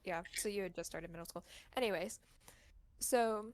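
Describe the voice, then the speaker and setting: A woman's voice: mid-range voice, moderate pace, no echo. A young woman co-hosting a casual podcast, telling a story in a chatty way, acting out what people said and laughing often. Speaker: podcast co-host.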